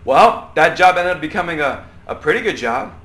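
A young man teaching at church in a lively, conversational way, his voice bright and ringing and set a little high. He keeps turning questions back to the group and tells stories from his own life. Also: moderate pace. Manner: conversational, animated, asks questions. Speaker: youth pastor leading group discussion.

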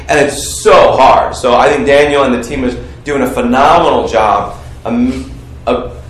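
A man preaching a sermon, calling on the congregation to finish his sentences and shout out answers. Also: on the high side. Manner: animated, coaxes the congregation to call out answers. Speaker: pastor. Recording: echoey room, heard from a distance.

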